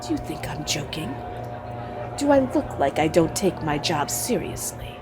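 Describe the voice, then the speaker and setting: A woman voicing a sinister, fear-obsessed male film director, whispered role-play with a slow menacing hush. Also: sits low, sing-song, music in the background.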